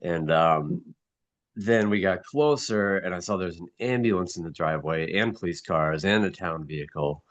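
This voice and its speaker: A middle-aged man in a casual group chat, grieving and somber, talking haltingly with many restarts. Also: sits low, lo-fi sound. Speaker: mastermind group member.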